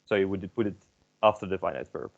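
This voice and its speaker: A man, a student in an online language class, talking through a grammar point with frequent hesitations. His voice sits fairly low, and the audio is dull and lo-fi. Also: brisk, vocal fry. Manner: thinks aloud with many fillers while explaining a grammar rule. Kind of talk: classroom question.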